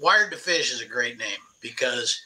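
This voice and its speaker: A veteran fisherman in his sixties, appearing as a podcast guest, shares stories with spirit and emphasis in a casual interview. His voice is medium-pitched and moderately paced, and the recording is rough.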